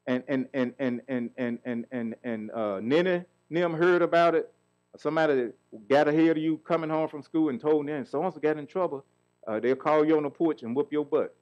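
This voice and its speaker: A man's voice: on the high side, a little mellow, highs cut off. A middle-aged man preaching a sermon as pastor, calling out questions for the congregation to answer. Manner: call-and-response preaching, asks the congregation questions.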